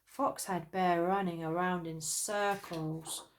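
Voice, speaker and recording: A woman narrating a children's storybook in an expressive storytelling manner. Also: lowish voice, slow, slight background noise.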